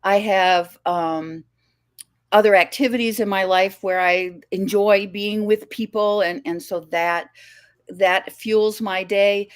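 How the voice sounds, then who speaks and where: A woman's voice: mid-range voice, fairly even intonation, takes it slowly, clear, resonant tone. An older woman from the American Midwest talks as a podcast guest. Her tone is reflective and chatty, and she often restarts her sentences and laughs lightly as she goes. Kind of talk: casual conversational interview.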